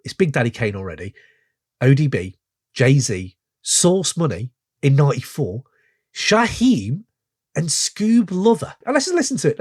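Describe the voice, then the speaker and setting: A man's voice: a little high, no room sound, studio quality. A man hosting a podcast, chatting enthusiastically and meandering as he reviews a track. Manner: enthusiastic, meandering, quick to laugh. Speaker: podcast host. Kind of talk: casual track-review chat.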